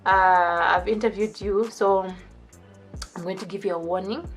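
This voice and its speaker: A woman doing a curt, hurried immigration officer. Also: medium pitch, steady tone, soft background music, natural voice. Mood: dismissive. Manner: brisk, dismissive, matter-of-fact. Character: tired, curt female immigration officer in a hurry.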